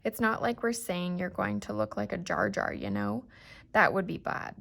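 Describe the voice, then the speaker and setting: A friendly male ear doctor, read by a woman in an audiobook, patient and reassuring as he explains each step. The voice has a slight gravelly texture at a middle pitch. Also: animated, moderate pace, fairly bright tone, exaggerated voice. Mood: explaining. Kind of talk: audiobook reading.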